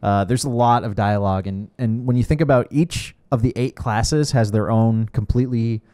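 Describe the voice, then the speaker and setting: A man's voice: mid-range voice, normal speed, warm tone, no echo. Chatty man narrating gameplay. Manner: chatty, good-humored, often restarts sentences. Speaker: co-host showing gameplay. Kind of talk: casual gameplay commentary.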